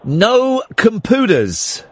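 Lively, chatty radio host. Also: male voice, sits high, drawn-out words, breathy edge. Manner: rambling, chatty, self-interrupting. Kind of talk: late-night phone-in radio chat. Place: radio studio. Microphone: studio microphone.

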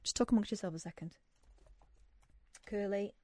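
A woman's voice: mid-range voice, moderate pace, dark tone, no echo. Chatty self-mocking woman radio host. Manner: chatty, self-mocking, reads news aloud with asides. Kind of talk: casual radio chat. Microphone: studio microphone.

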